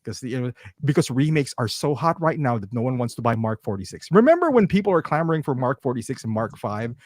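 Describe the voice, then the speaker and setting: A man chatting casually as a podcast guest, animated and laughing as he talks. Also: mid-range voice, fast talker, no room sound, clean studio sound. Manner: animated, laughs often, mimics others. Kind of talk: casual chat.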